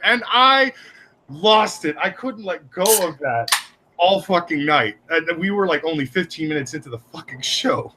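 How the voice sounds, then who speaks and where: A man on a stream ranting through a crude story with animated energy. His voice is bright and cutting, somewhat high for a man, with faint hiss behind it. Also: normal speed. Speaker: stream co-host. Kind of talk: casual storytelling rant.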